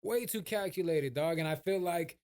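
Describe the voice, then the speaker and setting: A man with a high, light voice talks on a podcast in loose, slangy chat. He tells stories with lively flair and keeps the talk rolling. His delivery is relaxed and conversational. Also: moderate pace. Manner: slangy, animated storytelling. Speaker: podcast co-host. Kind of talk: casual chat.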